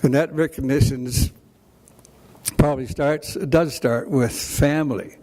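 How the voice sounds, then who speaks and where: An older Canadian man with a Canadian accent, giving an emotional, halting acceptance speech at a hall of fame ceremony, full of restarts. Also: medium pitch, fairly even intonation, mellow. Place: banquet hall.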